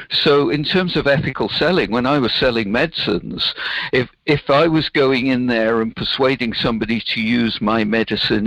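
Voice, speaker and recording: A man's voice: mid-range voice, gravelly, a bit bright, dry recording, dull audio. A man, a business founder answering interview questions in an earnest, explaining way.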